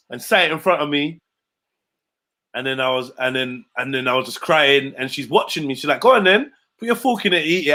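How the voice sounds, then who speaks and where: Middle-aged man, lively storyteller, slightly high and bright voice. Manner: animated storyteller, acts out quotes with big pitch jumps. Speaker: host. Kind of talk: casual chat, storytelling.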